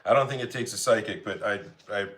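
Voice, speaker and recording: A man's voice: fairly low pitch, fast talker, noisy background. Chatty man hosting a cooking livestream. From Arizona, United States. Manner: joking, chatty, laughs often. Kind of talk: casual live chat reading comments. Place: home kitchen.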